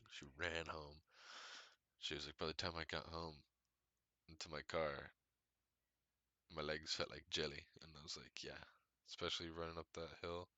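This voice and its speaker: Podcast host, male, rambling and profane, very deep, dry close sound. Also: flat delivery, moderate pace, long pauses, sharp tone, no echo. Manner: profane, rambling, laughs often. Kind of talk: casual storytelling monologue.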